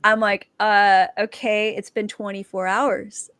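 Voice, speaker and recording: A woman, a dancer and author, telling her personal testimony as a guest and lively acting out the quoted dialogue. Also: mid-range voice, takes it slowly, dry recording.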